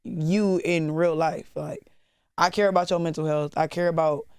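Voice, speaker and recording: A woman's voice: sits low, steady tone, normal speed, a little mellow, clear, resonant tone, no echo, clean studio sound. A woman rapper as interview guest, talking candidly in casual chat, swearing freely and turning dramatic at times. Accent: Southern US.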